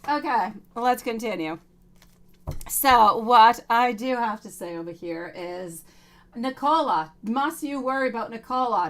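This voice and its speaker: A woman's voice: medium pitch, a little slow, a bit bright. A woman in her thirties doing a live-streamed tarot reading, chatty and affectionate, calling her viewers sweetie. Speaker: tarot reader.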